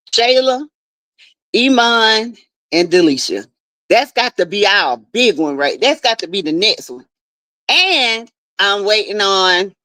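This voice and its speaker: A chatty woman hosts a live stream, greeting viewers one by one and swapping gossip. Her voice sits fairly high and swings up and down with a lot of life. She takes her time, in a dry, close room. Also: a bit bright, no room sound. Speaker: livestream host. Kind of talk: casual live chat with viewers. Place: home backyard shed.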